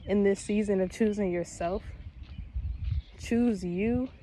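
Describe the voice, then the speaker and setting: A woman speaks in a mellow, warm voice, delivering an earnest spiritual pep talk full of slang and casual swearing. Faint outdoor ambience with birds sits softly behind her. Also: lowish voice, a little hiss or hum. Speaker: spiritual vlogger.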